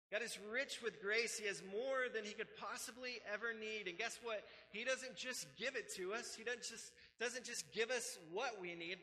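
A man's voice: sits high, pushed and bright, big-room sound, rough recording. A man preaching a sermon as pastor, emphatic and repetitive, mixing scripture reading with casual conversational asides.

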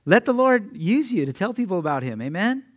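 A young adult man preaching a sermon in an energetic, conversational way, laughing often and talking straight to his listeners. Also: high voice, a little fast. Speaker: preacher at a youth ministry.

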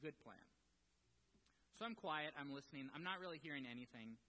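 A man delivering a sermon in a lively, animated way, with a bright, forceful voice. He tells his story with self-deprecating asides. His voice rings with the long reverb of a large hall. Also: a little high, a little fast. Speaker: preacher.

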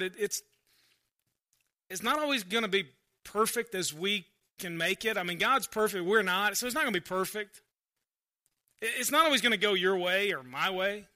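A man preaching a sermon in a chatty, conversational way, leaning hard on some phrases and dropping low for asides. His voice sits high for a man. It has a very bright, cutting edge. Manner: conversational preaching, swinging between loud emphasis and quiet asides. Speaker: pastor.

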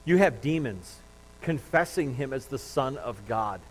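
A man preaching a sermon, retelling a Bible story with lively acted-out quotes and frequent restarts. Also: medium pitch, normal speed, slight background noise, low-quality recording. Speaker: pastor.

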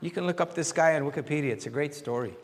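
A man pastor giving a conversational sermon with questions and answers, animated and repeating phrases as he searches for words. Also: fairly high pitch, racing, big-room sound, a little hiss or hum.

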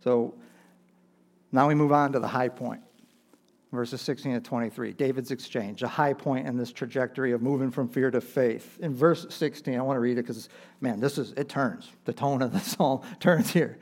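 Male pastor, mid-pitched, preaching with animated emphasis and frequent chuckles. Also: normal speed. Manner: animated preaching, rising and loud when reading Scripture; chuckles often between points. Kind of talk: sermon.

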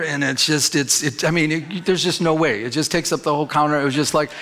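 Animated preaching man, slightly high voice. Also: quick pace. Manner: animated preaching with folksy storytelling asides. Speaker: pastor. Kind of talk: sermon.

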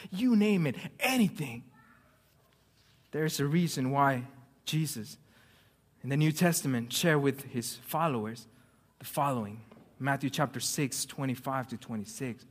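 Guy giving a sermon in a church hall, storytelling, gets loud then drops to near whispers, lots of reverb. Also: sits high. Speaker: pastor.

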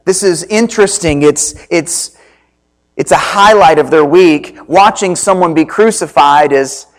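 A male pastor delivers a sermon at an unhurried, very slow pace. His voice sits a little higher than most men's. He pauses between phrases and lets each line land. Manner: slow, deliberate preaching with pauses. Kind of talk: sermon with scripture reading.

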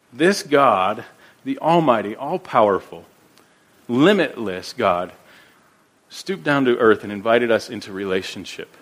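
His pitch is medium. Preaching a sermon as pastor, he's earnest throughout, frequently repeating words as his points build and slowing down for passages of scripture.

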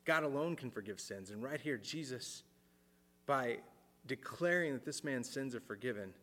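A man preaching a sermon in an earnest way, repeating words as he thinks aloud and dropping his voice low for emphasis. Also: animated, normal speed, sharp tone, in a large hall. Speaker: pastor.

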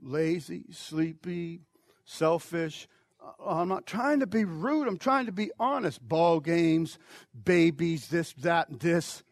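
Preacher guy, high voice, goes from yelling to almost whispering, altar call sermon. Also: lively intonation, takes it slowly, creaky, no echo, studio quality. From United States. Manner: impassioned, swinging from shouts to near whispers. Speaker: pastor.

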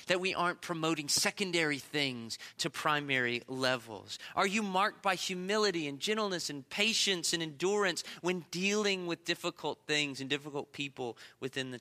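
A man in his thirties delivers a sermon in a church, with a bright, ringing tone and a voice that sits a little high. He preaches in a chatty, animated way, stopping to act out everyday scenes and poke fun at himself. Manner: animated, conversational preaching with self-deprecating asides and acted-out examples. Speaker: pastor. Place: church sanctuary.

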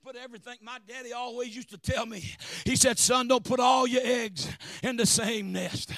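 A middle-aged man preaches in a very high, gravelly voice. He swings between hushed storytelling and shouted, chanted lines, calling for amens. The recording is close and dry. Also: fairly even intonation, moderate pace, no echo. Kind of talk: sermon.

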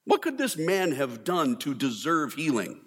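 A man's voice: fairly high pitch, wildly swooping pitch, measured pace, a bit bright, slightly rough. A man preaching a sermon in a conversational, humorous way, with quoted voices acted out. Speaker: pastor. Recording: long hall reverb.

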